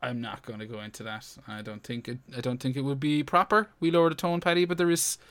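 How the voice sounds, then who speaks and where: A man's voice: medium pitch, fairly even intonation, quick pace, a bit bright, clean tone. A man co-hosting a casual podcast chat, reading out listener questions, joking and swearing freely. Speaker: podcast co-host.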